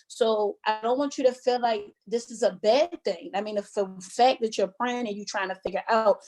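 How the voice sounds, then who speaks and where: A woman's voice: mid-range voice, fairly even intonation, moderate pace, a little mellow. A middle-aged woman hosting a casual motivational talk, speaking earnestly and conversationally and calling her listeners y'all.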